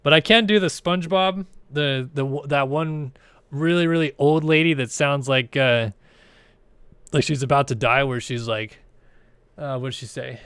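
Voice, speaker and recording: A man's voice: a little high, unhurried, a bit bright, clear, resonant tone, dry recording. A man casually commentating a racing game stream in a rambling, laid-back, chatty way.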